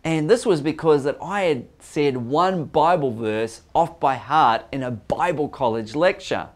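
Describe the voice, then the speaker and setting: A man's voice: fairly high pitch, unhurried. A man hosting a Christian teaching show, speaking conversationally and acting out quoted lines. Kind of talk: casual Bible teaching talk.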